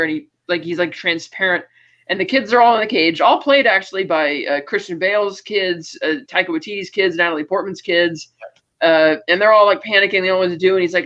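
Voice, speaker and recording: A high-pitched man with a bright, forceful edge to his voice hosts a casual movie review chat. He retells scenes with animation and slips into the characters' lines as he goes. The sound is dull and lo-fi. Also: fairly quick. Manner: animated storyteller, acts out lines of dialogue. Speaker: podcast host, film reviewer.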